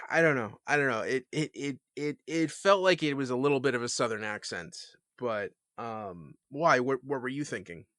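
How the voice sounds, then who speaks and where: A man co-hosting a casual TV recap podcast, talking in a halting, laid-back way, full of fillers. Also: mid-range voice, a bit bright, no echo, studio quality. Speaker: podcast co-host.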